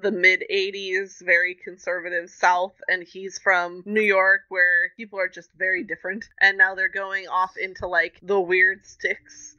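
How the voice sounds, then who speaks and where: High, bright-voiced man on a dull, dry mic. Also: completely flat delivery, moderate pace, few pauses, no room sound. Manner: laughs easily, loose questioning tone with filler words. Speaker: podcast co-host. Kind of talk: casual chat recapping a TV episode. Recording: dry, slightly muffled mic.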